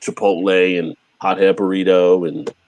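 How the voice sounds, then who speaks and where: A man's voice: deep voice, normal speed, dull audio, slight background noise. Laid-back man hosting a beer stream. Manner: laughs often, relaxed rambling. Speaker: live stream host. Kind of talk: casual chat reading viewer comments.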